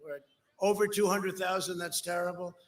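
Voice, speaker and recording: A man giving a rally speech in a rambling, repetitive way, jumping from shouted lines to low muttering. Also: steady tone, a little fast. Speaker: political speaker at a rally.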